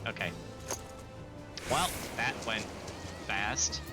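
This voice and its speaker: Brief: male streamer, chatty and self-mocking, lively pitch, game music underneath. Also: drawn-out words. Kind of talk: casual gameplay commentary.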